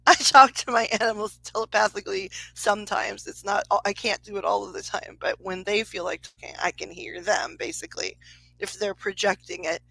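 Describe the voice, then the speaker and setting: A woman psychic medium chats through a live reading in a casual, rambling way. Her voice is bright and forward, and she laughs easily and swears without a second thought. The sound is dry and close. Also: medium pitch, fairly even intonation, normal speed, gravelly, no echo, poor audio. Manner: chatty, laughs often, swears freely. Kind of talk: casual livestream storytelling.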